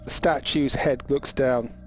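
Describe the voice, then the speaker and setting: A man narrating as game master, often halting with restarts and ums. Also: mid-range voice, fairly even intonation, darkish tone, faint music behind.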